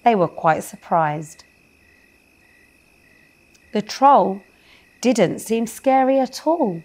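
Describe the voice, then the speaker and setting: A woman reads a children's bedtime story at a slow, unhurried pace. She speaks gently and often stops to ask her young listeners questions. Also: mid-range voice, expressive. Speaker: storyteller for a kids show.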